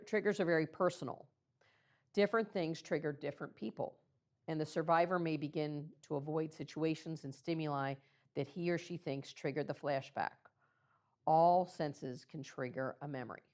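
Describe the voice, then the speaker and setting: A woman presenting to clergy, speaking earnestly and personally, with frequent pauses and ums. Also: sits low, darkish tone. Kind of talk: talk to clergy about baby loss. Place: meeting room.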